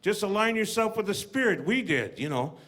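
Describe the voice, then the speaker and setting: A man performing a stand-up comedy routine, telling stories and acting out voices with deadpan punchlines. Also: high-pitched, brisk. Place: comedy stage with live audience. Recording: live audience, noisy room.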